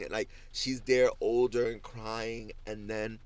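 A man hosting a casual talk show, recapping TV scenes as an animated storyteller who acts out the quotes and leans on "like". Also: lowish voice, slow pace. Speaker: show host.

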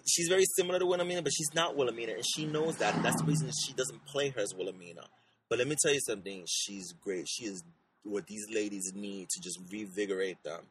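A man co-hosting a podcast, chatting in an animated, gushing way about TV shows, rambling with restarts. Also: on the low side, fast talker, heavy background noise. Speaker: podcast co-host. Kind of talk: casual chat about TV shows.

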